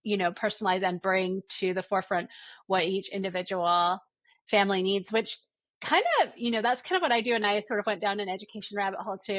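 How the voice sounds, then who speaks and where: A woman born in Ireland hosting a podcast interview, chatty and quick to laugh. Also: mid-range voice, steady tone, fairly bright tone, no room sound. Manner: chatty, laughs often, picks up others' accents. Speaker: podcast host, pediatrician.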